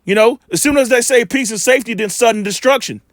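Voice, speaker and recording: A man giving informal scripture commentary, emphatic and colloquial, slowing right down when he reads verses aloud. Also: very high-pitched, no room sound, studio quality. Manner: emphatic, colloquial, drawn-out slow scripture reading. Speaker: preacher commenting on video clips.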